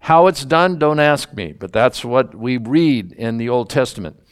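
Bible teacher, man, casual and musing between readings, clear resonant tone. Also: mid-range voice, expressive, measured pace. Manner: conversational, musing, admits doubts with a laugh.

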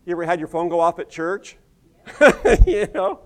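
A man's voice: high voice, big pitch swings, normal speed, fairly bright tone. A middle-aged American man, a pastor, preaching a sermon in a conversational, folksy way full of asides. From United States. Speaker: pastor and missions director.

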